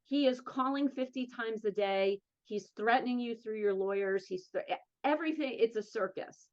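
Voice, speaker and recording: Earnest woman, slightly lo-fi sound. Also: a little high. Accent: New Jersey. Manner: earnest, emphatic, quick bursts of speech. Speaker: interview guest, domestic violence advocate. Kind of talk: candid personal storytelling.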